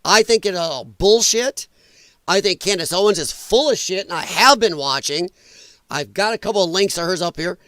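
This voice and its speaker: High, strained man ranting on a livestream. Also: brisk, pushed and bright, no room sound. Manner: blunt, opinionated, swears freely. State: strained, damaged voice from breathing trouble. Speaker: livestream host. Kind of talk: casual reaction livestream.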